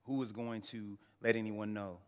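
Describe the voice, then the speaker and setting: A man in his thirties, an attorney and guest speaker, telling his personal story at an event with earnest, slow, emphatic phrasing. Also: fairly low pitch, level tone, darkish tone, clean tone. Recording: reverberant hall.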